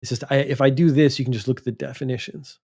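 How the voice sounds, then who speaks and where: A man teaching English vocabulary, thinking aloud and saying words slowly and deliberately to stress the key ones. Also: mid-range voice, steady tone, gravelly, a little mellow, slightly rough.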